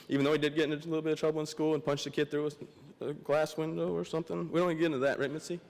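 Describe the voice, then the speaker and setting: A man's voice: fairly high pitch, flat delivery, very fast, vocal fry, a little mellow. A young man from Michigan giving an emotional, tearful memorial speech as a guest speaker, plain-spoken and heartfelt. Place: large hall. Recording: long hall reverb.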